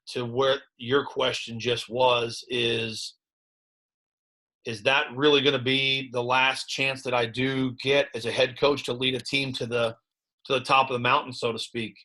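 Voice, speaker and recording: A man in his thirties with a Midwestern American accent speaks with a bright, forward voice. He is a high school football coach looking back in an interview, halting and candid, full of restarts and fillers. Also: level tone. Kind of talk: reflective interview talk.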